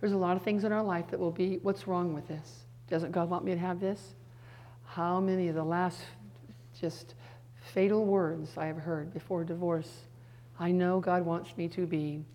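A middle-aged woman giving an earnest sermon-style teaching, now and then dropping into soft hushed asides. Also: on the low side, steady tone, moderate pace, slight background noise.

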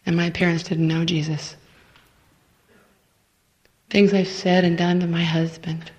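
Woman, middle-aged, retreat speaker, emotional sermon, fervent, repeats words, hushed near-whispers. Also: fairly low pitch, flat delivery, measured pace, low-quality recording.

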